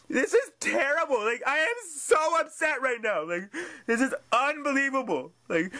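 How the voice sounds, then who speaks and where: A man's voice: very high-pitched, pushed and bright. A young man recording himself while crying, swearing heavily in distraught outbursts. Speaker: vlogger. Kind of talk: distraught self-recorded rant.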